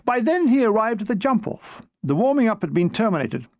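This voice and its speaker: In this audiobook, a man narrates his memoir in a high voice with big pitch swings, going fairly quickly with no room sound. His manner is dry comic storytelling, briefly slipping into imitations of the people he describes.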